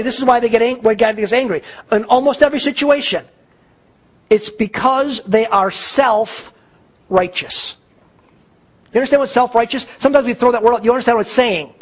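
A male pastor delivering a sermon, preaching emphatically with dramatic pauses and repetition. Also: very high-pitched, husky.

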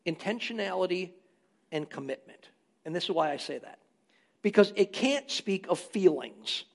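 A man's voice: high voice, expressive, moderate pace, gravelly. A man, a pastor, preaching a sermon with emphatic rises in volume on key phrases. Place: church.

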